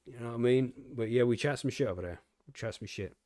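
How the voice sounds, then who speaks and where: A man's voice: medium pitch, quick pace, warm tone, dry recording, studio quality. A man hosting a podcast, chatting casually with loose, swearing banter and plenty of fillers. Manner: swearing, laid-back banter with frequent fillers. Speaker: podcast host. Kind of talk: casual chat.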